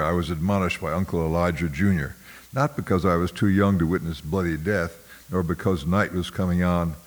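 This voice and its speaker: A man with a very low voice reads literary fiction aloud at a measured, somber pace. He occasionally clears his throat and restarts a word. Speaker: audiobook narrator. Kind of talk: literary narration read aloud.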